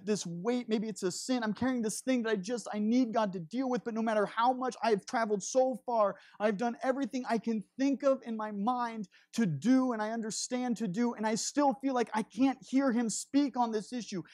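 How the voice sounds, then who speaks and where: A man's voice: very high-pitched, a little mellow, dry recording, studio quality. A man in his thirties preaching a sermon, impassioned and confessional, with laughing asides. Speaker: pastor.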